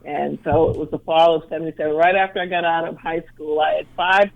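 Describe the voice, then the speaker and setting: A woman's voice: sits low, flat delivery, fast, vocal fry, phone-quality sound. Upbeat older woman with a Massachusetts accent. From Brockton, Massachusetts. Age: 60s. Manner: upbeat, storytelling, laughs easily. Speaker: motivational speaker and former teacher. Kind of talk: casual interview answers.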